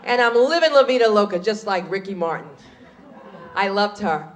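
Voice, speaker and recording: A woman's voice: mid-range voice, expressive, moderate pace. A woman doing a stand-up comedy set, telling punchy stories on a club stage and slipping into character voices.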